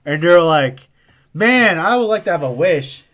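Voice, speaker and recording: A young man co-hosting a casual chat, telling a story in an animated, profane way with loud laughs. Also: a little high, unhurried. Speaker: podcast co-host.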